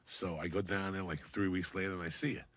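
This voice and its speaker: A man's voice: sits low, quick pace. A middle-aged man telling a story on a podcast in a casual, profane way, acting out other people's voices as he goes. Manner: profane, animated, acts out voices in his stories. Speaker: podcast guest.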